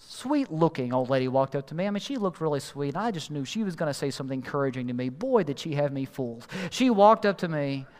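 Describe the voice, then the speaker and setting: A man doing storytelling stand-up, animated and exasperated as he acts out the people in the story. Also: on the high side, quick pace, few pauses, in a large hall.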